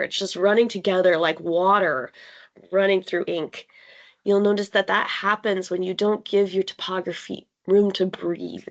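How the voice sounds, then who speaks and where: A woman running a live online workshop for a youth group, talking the participants through design basics. Her voice sits at a middle pitch, and she speaks casually with fillers and deliberate pauses for emphasis, as if over a video call. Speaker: workshop facilitator.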